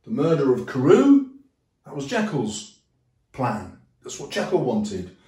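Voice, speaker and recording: A male teacher, giving a lively, jokey lesson and acting out quotes in funny voices. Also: medium pitch, measured pace, distant mic. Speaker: English teacher. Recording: echoey room, voice a little off-mic.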